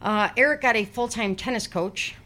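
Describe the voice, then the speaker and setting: A woman in her forties speaks with a fairly high pitch, a moderate pace and a sharp tone. She hosts a casual podcast, telling a true-crime story bluntly, swearing freely and tossing in sarcastic asides.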